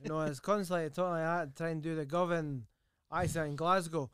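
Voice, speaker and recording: An Irish man hosting a casual chat, an animated storyteller who swears casually. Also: a little high, a little fast, smooth, dry recording, studio quality. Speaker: podcast host and impressionist.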